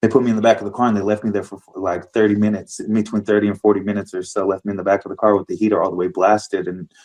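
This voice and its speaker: A man's voice: on the low side, level tone, rapid-fire, a little mellow. A man, an activist, giving personal testimony at a public forum, rambling and repeating words as he tells his story. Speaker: community activist speaking at a forum.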